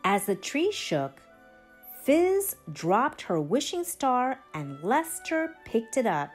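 Slow, lively woman reading a storybook. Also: on the high side, faint music behind. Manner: expressive, slow and lively read-aloud. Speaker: storybook reader. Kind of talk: reading a children's picture book aloud.

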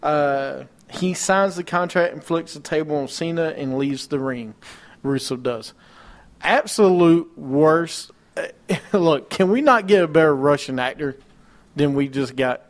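A podcast co-host on a casual wrestling talk show speaks in a slightly high, unhurried man's voice. He rattles off match cards and rants with mocking disbelief.

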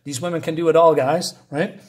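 A man's voice: a little high, fairly even intonation, fairly quick. A man giving a mocking, sarcastic review of a comic book.

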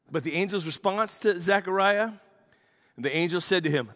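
A pastor delivers a sermon in a church, telling the story with animated energy. His voice sits a little higher than most men's. He acts out the quotes as he goes. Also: moderate pace.

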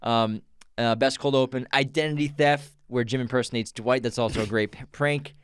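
A man's voice: medium pitch, steady tone, fairly quick, smooth, no echo, clean studio sound. A young man co-hosting a podcast, casually running through favorite episodes and laughing as he goes. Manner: lists episodes, laughs often, quotes characters. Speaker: podcast co-host. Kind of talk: casual chat.

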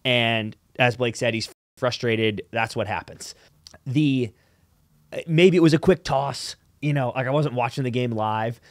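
A man's voice: mid-range voice, no room sound, clean studio sound. A man co-hosting a sports podcast, giving blunt, frank opinions in casual chat. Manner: blunt, frank, quick agreeing interjections. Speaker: podcast co-host.

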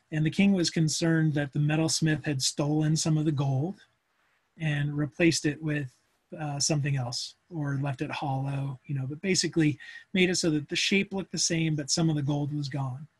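A man's voice: fairly high pitch, steady tone, normal speed, breathy edge. A man teaching a physics class in a casual, chatty lecture, full of fillers and asides, on a video call. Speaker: physics instructor.

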